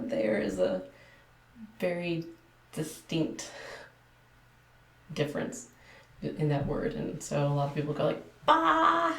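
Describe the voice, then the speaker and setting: A woman in her thirties from Texas with a Texan accent, talking casually to camera in a soft, careful way with many pauses. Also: low-pitched, gravelly. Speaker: ASMR creator. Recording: echoey room, mic at a distance.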